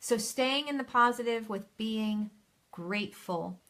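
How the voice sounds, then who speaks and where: A woman with a fairly high voice leads a live stream from home as a spiritual coach. She speaks soothingly and affirmingly, addressing each viewer by name, and now and then reads their comments aloud. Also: a little slow, fairly bright tone. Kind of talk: live-stream advice session.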